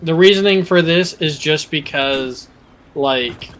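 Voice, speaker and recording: A man playing along as a guest, explaining things in a relaxed way with hesitant fillers, in casual chat. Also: a little high, takes it slowly. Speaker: co-player guest. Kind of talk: casual chat while gaming.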